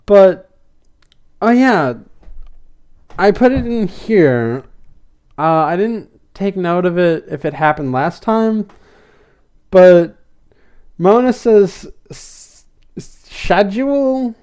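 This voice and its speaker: A man's voice: sits high, expressive, slow, pauses often, darkish tone, clear, resonant tone. Rambling man recapping a cartoon episode. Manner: rambling, repeats fillers. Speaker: podcast host.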